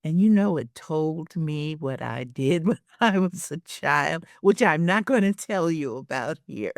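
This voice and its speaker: An older woman telling a personal story as a podcast guest, animated, often laughing and acting out the dialogue. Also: deep voice, a little slow, no echo, clean studio sound.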